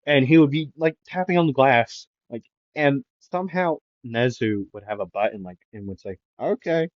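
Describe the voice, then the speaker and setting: A man's voice: mid-range voice, expressive, normal speed, no echo. Man, improvised fan storytelling, rambling, filler-heavy, dull lo-fi sound, dry. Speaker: anime channel host.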